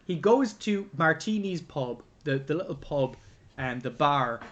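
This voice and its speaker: A man's voice: on the high side, unhurried, dull audio, a crowd in the background. A man co-hosting a podcast, chatting casually about a film, swearing and acting out scenes. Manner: animated, swearing, acts out scenes. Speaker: podcast co-host. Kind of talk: casual film review chat.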